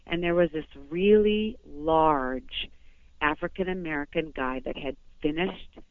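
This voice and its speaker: A phone-in guest from Southern California, this woman speaks a little slowly in a low voice, sharing an emotional personal story in a breathless, rambling way that keeps restarting. The telephone line sounds tinny, with no room sound.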